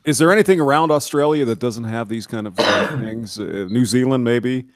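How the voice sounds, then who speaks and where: A man's voice: medium pitch, fairly quick. A man in casual online chat, hesitant and wry, chuckling between remarks. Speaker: stream participant.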